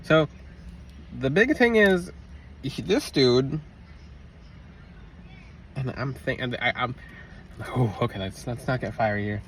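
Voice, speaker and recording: A man telling a personal story in a casual, rambling monologue, interrupting himself and bursting into loud re-enacted shouts. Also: medium pitch, animated, slow pace, long pauses. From Florida. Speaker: religious vlogger. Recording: slightly distant mic, faint outdoor traffic noise.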